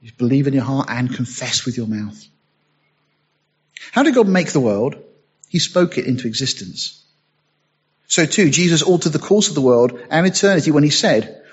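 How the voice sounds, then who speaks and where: A man's voice: mid-range voice, animated, normal speed, husky, muffled recording. A man preaching a sermon, reading scripture aloud and rising to emphatic bursts.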